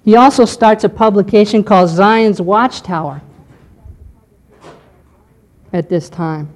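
A woman teaching a history lesson to a class, explaining step by step and often pausing to check in with "okay". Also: mid-range voice. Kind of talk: lecture on church history.

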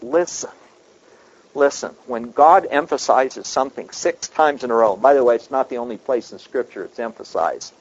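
A man's voice: mid-range voice, lively intonation, normal speed, slightly rough, highs cut off. A man preaching a sermon, emphatic, asking rhetorical questions and repeating his key points.

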